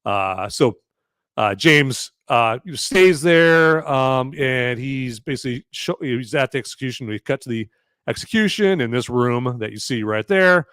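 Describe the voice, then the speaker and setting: A man hosts a live movie-review stream in a loose, rambling style, tossing in fillers and asking "okay?" again and again. His voice sits at an ordinary middle pitch, recorded close and dry. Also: expressive, measured pace, a bit bright, clear, resonant tone, dry recording. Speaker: podcast host reviewing a film live. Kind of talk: casual live-stream recap.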